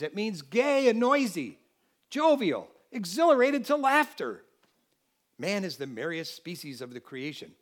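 American guy preaching, high lively voice, jumps from loud bursts to quiet asides. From United States. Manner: animated, swings between loud exclamations and quiet asides. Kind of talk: sermon.

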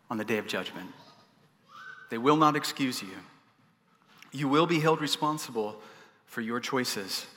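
A man preaching a sermon, telling stories in an animated way and adding humorous asides. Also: medium pitch, big-room sound. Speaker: pastor.

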